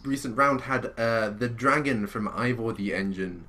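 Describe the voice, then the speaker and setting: A man's voice: mid-range voice, normal speed, bright, forceful tone. A man from England co-hosting a podcast in casual, sweary chat, laughing often. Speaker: podcast co-host.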